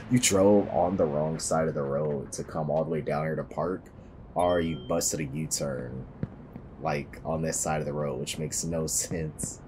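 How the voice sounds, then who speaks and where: A man with an extremely low, deep voice chats through a police game, tossing out joking, wry remarks about what he sees. His tone is casual and conversational. Clear background noise runs under the recording. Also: steady tone, measured pace. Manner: joking, wry running commentary. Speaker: gameplay commentator.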